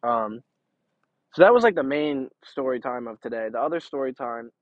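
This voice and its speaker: A man's voice: medium pitch, lively intonation, normal speed, no echo, narrow, tinny audio. Profane young man telling a story. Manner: rambling, profane, laughing. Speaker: podcast host. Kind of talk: casual storytelling.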